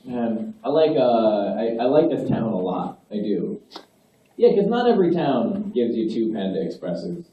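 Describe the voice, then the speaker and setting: A man's voice: mid-range voice, big pitch swings, measured pace, slight background noise. Man, stand-up comic, exasperated ranting, distant dull recording, very echoey room, laughter behind. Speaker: stand-up comedian. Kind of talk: stand-up routine. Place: live comedy venue with audience. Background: audience laughter.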